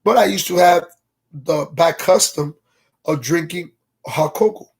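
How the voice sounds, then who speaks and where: A man's voice: fairly high pitch, measured pace, vocal fry, breathy edge. A man telling a long story on a casual livestream, in a slangy, rambling way, stopping now and then to greet viewers in the chat. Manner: slangy, rambling, keeps asking "you feel me"; greets viewers from live comments mid-story.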